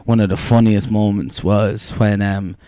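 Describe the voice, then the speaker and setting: Irish co-host, young guy, low voice, dry close sound, laughs through his own stories. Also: level tone, unhurried, warm tone, smooth, no room sound. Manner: laughing storyteller acting out quotes. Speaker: podcast co-host. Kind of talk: casual chat, storytelling.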